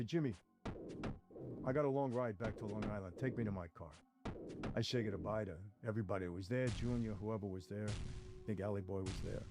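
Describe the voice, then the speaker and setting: A man telling a dramatic first-person story, talking straight to his listeners and moving between hushed and heated tones. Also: medium pitch. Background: music.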